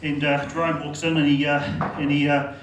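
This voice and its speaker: High-voiced New Zealand man doing stand-up. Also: completely flat delivery, fairly quick, echoey room, recorded from a distance, background noise. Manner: rambling, lots of fillers and asides. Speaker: stand-up comedian. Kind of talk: stand-up storytelling. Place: comedy club stage.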